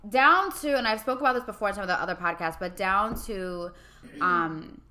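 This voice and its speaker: A woman hosting a podcast, chatting casually in a relaxed way with lots of fillers. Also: mid-range voice, brisk. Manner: relaxed, filler-heavy, reflective. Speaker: podcast host.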